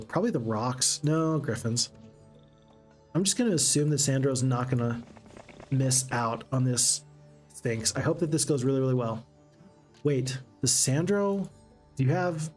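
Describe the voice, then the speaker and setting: A man streaming a strategy game, chatting excitedly to his viewers. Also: mid-range voice. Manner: excitable, chatty, talks to chat. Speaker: gaming streamer. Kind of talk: live game commentary.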